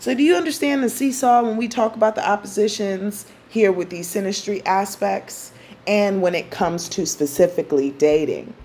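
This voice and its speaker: A woman's voice: mid-range voice, moderate pace, darkish tone, slight background noise. A woman astrologer teaching in a casual, chatty, playful way and explaining step by step.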